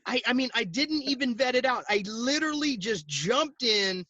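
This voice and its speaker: A man in his forties with a high, bright voice, heard close and dry over a video call. He tells his story in an animated way, laughs often and acts out the other people's lines as he goes. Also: moderate pace, no room sound, dull audio. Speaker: guest, insurance agency owner. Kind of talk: storytelling interview. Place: at home.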